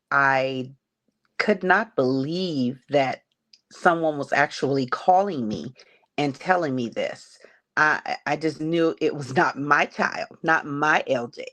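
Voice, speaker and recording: A middle-aged woman, a podcast guest, slowly telling the story of losing her son, halting and heavy with grief. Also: low-pitched. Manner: slow, halting, grief-stricken account. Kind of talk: personal storytelling in an interview.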